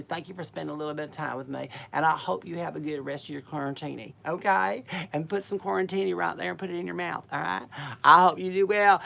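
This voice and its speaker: A woman with a drawl chats on a home livestream into a webcam, rattling along at a quick clip. Her voice sits low and gravelly. She rambles in a folksy way and slips in bawdy asides. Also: a bit bright, a little hiss or hum. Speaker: livestream host. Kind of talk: chatty livestream monologue.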